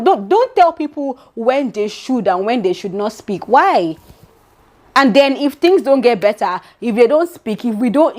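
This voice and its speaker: A young adult woman with a Nigerian accent, chatting in a casual gossip vlog and speaking straight to her viewers as "my darling". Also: high voice. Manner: animated and chatty, addresses viewers directly as "my darling". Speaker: vlogger.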